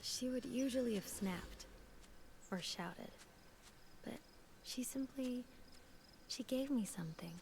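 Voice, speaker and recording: An actress voicing a quiet, wistful adult woman who narrates memories of her childhood in a video game. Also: a little high, slow, vocal fry, pauses often, a little hiss or hum. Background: game music.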